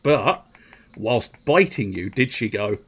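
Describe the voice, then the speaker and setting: A man's voice: on the low side, lively intonation, moderate pace. A man chatting casually on a game livestream, rambling and self-mocking, laughing often. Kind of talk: casual game-stream chat.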